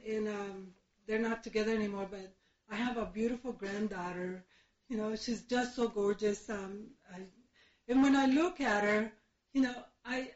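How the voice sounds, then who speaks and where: A woman in her fifties shares her recovery story in a slightly high voice, candid and quick to laugh, often stopping to restart a sentence. Her voice carries through a roomy hall on a dull, muffled recording. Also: darkish tone. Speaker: recovery speaker. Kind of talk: personal testimony speech.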